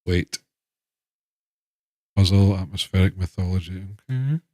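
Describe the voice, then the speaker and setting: A man's voice: sits low, a little slow, mellow, dry recording, clean studio sound. A man with a Scottish accent, chatting casually and rambling on a live stream. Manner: chatty, rambling, self-interrupting.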